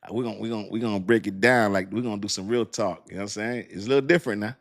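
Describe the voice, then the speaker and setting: Dude w on a crypto stream, slangy and hyped, loud then quiet. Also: male voice, on the low side, racing. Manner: animated slangy street talk, swings loud and soft. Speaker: crypto livestream host. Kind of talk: casual livestream chat.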